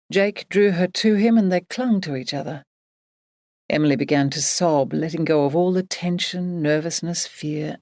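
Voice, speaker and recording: A woman with a low voice reads a romance novel aloud in a measured, even way. The recording is very dry and close, with no room sound. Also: no echo. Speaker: audiobook narrator. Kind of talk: scripted narration.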